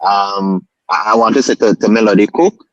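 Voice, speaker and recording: A man's voice: fairly low pitch, moderate pace, no room sound. Man, laid-back live-stream co-host, repeats himself, dry close sound with slightly muffled lo-fi audio. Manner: easygoing, repeats words, calls others neighbor. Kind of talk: casual live-stream chat.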